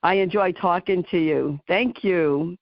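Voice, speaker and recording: Halting New Jersey woman radio host. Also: fairly low pitch, no room sound, dull audio. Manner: halting, full of ums and you knows. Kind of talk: talk radio interview.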